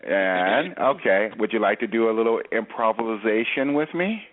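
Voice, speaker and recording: A man's voice: fairly low pitch, lively intonation, normal speed, no room sound. A man hosting a radio interview show, playful and teasing, with jokes and games, heard over a tinny phone-like line.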